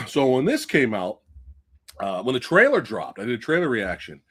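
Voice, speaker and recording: This is a male host of a live movie review stream who talks in a loose, chatty way and drops swear words without a second thought. His pitch swings widely as his excitement builds. He speaks straight to the viewers at home. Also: normal speed, husky. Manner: chatty, addresses viewers directly. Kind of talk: casual live-stream chat.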